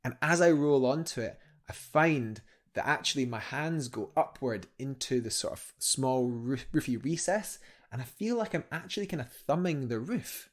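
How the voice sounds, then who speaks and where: A man's voice: mid-range voice, lively intonation, normal speed, few pauses. A young man, a guest climber, telling a story eagerly in a casual interview, rambling with fillers and restarts.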